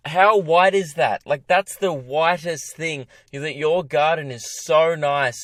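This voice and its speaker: A man's voice: on the high side, no room sound. A young Australian man hosting a comedy podcast alone from a parked car, ranting in an exasperated, rambling, self-mocking way. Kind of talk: rambling solo podcast rant.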